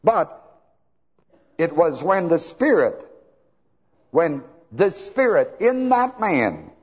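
A man preaching a sermon, asking his listeners to fill in words and swinging between soft talk and shouts. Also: fairly high pitch, sing-song, slow pace, breathy edge. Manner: asks the congregation to fill in words. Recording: long hall reverb, dull lo-fi sound.

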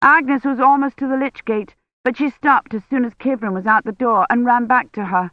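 A woman's voice: on the high side, fairly even intonation, moderate pace, dry recording. Woman narrator, tense storytelling, dry room, dull lo-fi sound. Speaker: audiobook narrator. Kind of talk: scripted narration.

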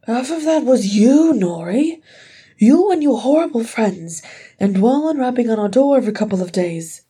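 A woman's voice: mid-range voice, steady tone, moderate pace, vocal fry, dark tone, breathy edge. A woman voicing a young male dwarf, the earnest, tearful youngest brother, with a raised, pleading voice. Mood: reproachful.

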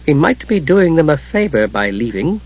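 A man voicing a gloomy, mild-mannered male god who keeps a chronicle, speaking gently and soothingly. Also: very animated, normal speed. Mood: gentle. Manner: gentle and mollifying, raised pitch. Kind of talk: audiobook character reading. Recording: muffled lo-fi recording.

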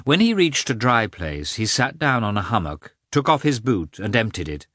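Lively low-voiced man narrating a novel. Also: normal speed, dry recording. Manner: reads with lively, expressive inflection, lifting pitch for characters' shouts. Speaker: audiobook narrator. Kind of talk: scripted narration.

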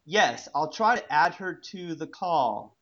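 A man's voice: fairly high pitch, animated, takes it slowly, a bit bright, lo-fi sound. A man hosting a casual podcast chat, loose and hesitant, with filler words. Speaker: podcast host.

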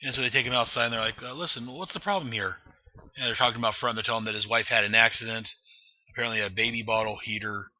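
Rapid-fire and level in tone, a low-leaning male voice describes a comic book on a dry, dull lo-fi recording. He's a comic reader and reviewer, and he rambles casually with many fillers and restarts.

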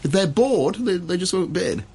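A man who works as an auctioneer, chatting as a guest on a radio show and breaking into a fast rhythmic bid-calling chant. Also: high voice, lively intonation, vocal fry, dark tone, slightly rough. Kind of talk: radio studio chat with live auction chant. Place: radio studio.

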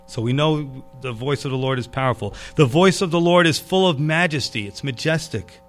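A man preaching a sermon, animated and casual, dropping to a hushed tone for emphasis. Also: mid-range voice, normal speed. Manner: animated, drops to a hush for emphasis. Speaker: pastor.

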